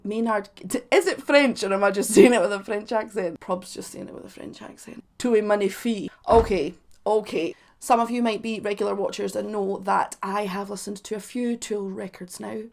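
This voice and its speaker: Brief: woman music reaction host, playful and self-mocking, animated. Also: mid-range voice, creaky. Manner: animated, with sudden loud bursts. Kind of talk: casual reaction commentary.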